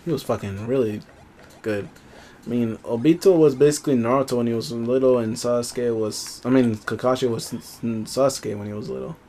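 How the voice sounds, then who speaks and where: A man's voice: mid-range voice, fairly quick, warm tone, a little hiss or hum. A young man co-hosting a gameplay video, teasing his friend bluntly and swearing in casual chat. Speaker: co-host.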